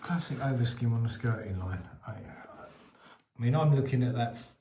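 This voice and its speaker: A man's voice: mid-range voice, animated, moderate pace, roomy sound. A man, a plasterer talking casually to camera and muttering to himself as he works. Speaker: plasterer and decorator. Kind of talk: casual working vlog chat. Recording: loud noisy outdoor ambience, traffic.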